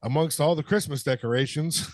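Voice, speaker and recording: A man's voice: fairly high pitch, fairly quick, no echo. Laid-back man on a dry mic. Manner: laid-back, swearing, agreeable. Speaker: podcast co-host. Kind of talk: casual chat.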